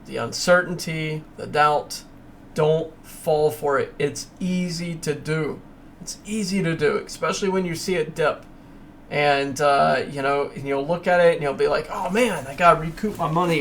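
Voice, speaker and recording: A man's voice: on the high side, gravelly, a bit bright, a little hiss or hum. A man hosting his own video, talking casually over price charts in a rambling, filler-heavy way and urging viewers to hold on. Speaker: crypto video host.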